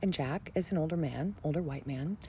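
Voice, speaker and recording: A woman's voice: low-pitched, fairly quick, mellow, a little hiss or hum. A woman telling a story straight to camera in a blunt, profane, sarcastic rant.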